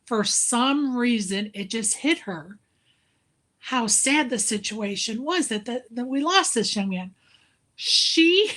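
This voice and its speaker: A woman's voice: fairly high pitch, bright, forceful tone. A woman telling a story in casual chat, laughing often as she talks. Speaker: live stream co-host.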